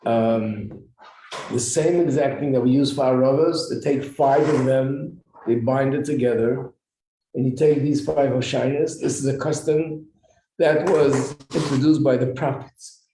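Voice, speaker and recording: A man teaching an informal religious class in a roomy, echoing space, his voice mellow and dark. He explains step by step, clears his throat now and then, and puts questions to the group. Faint noise sits under the room echo. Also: mid-range voice, fairly even intonation, measured pace. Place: echoey room with a small class.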